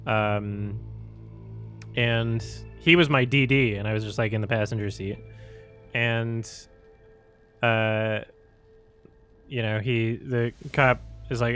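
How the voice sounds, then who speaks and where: A man telling a casual story on a stream, halting often and restarting his sentences. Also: medium pitch, fairly even intonation, a bit bright, smooth, soft background music.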